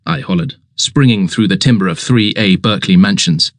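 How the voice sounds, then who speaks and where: A man narrating a comic story in a lively way. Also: sits low, moderate pace, no echo, clean studio sound.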